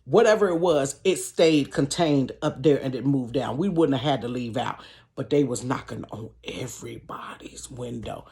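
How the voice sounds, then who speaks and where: A woman vlogger telling a story to her viewers in a casual, animated way, often laughing. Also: a bass voice, normal speed. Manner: animated, chatty, frequent laughter, addresses viewers. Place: bedroom.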